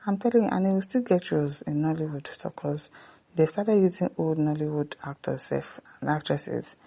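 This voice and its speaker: A Nigerian woman hosts an online show and reads viewer comments aloud, answering each one in a lively way and slipping into Pidgin. Her voice is low, mellow and a little husky. She talks casually, as if chatting with her audience. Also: moderate pace. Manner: animated, switches into Pidgin asides. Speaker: host reading viewer comments.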